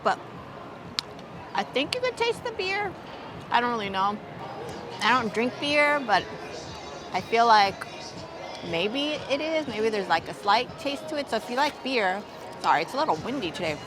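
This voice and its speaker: A woman's voice: fairly high pitch, very animated, moderate pace, pauses often, over music. A woman food vlogger chatting casually as she tastes and reviews dishes outdoors, hedging and thinking aloud. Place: outdoors at a theme park, windy.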